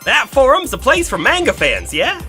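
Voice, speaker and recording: Brief: man doing a gossipy young country girl, high and bright, folksy drawl. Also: huge pitch swings, normal speed, soft background music, heavily acted. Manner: folksy drawl, double negatives. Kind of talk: reading game dialogue aloud.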